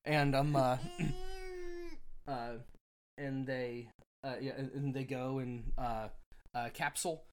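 A man's voice: medium pitch, sing-song, smooth. A man recapping book chapters in casual chat, rambling with many ums and uhs. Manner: rambling, full of ums and uhs, quick acted quotes. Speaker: podcast co-host.

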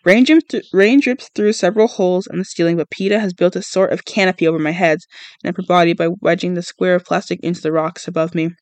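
A man's voice: high voice, steady tone, fast, dry recording. A man reading a novel aloud for his podcast in an unpolished way, often stumbling and correcting himself. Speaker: podcast reader.

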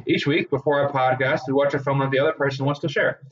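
A man co-hosting a podcast in casual chat, animated and laughing as he quotes movie lines. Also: medium pitch, quick pace, breathy edge, highs cut off. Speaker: podcast co-host.

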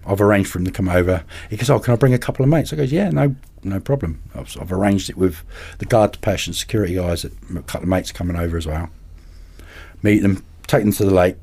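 Husky man telling fishing stories. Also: deep voice. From England. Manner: animated, acts out other people's voices in anecdotes. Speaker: podcast guest, carp angler. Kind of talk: casual storytelling.

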